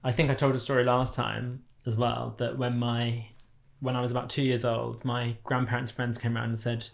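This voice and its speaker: A man's voice: mid-range voice, level tone, moderate pace, vocal fry. A man with a posh English accent in a thoughtful, reflective conversation, often restarting sentences as he thinks aloud. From England. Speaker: artist and interviewer.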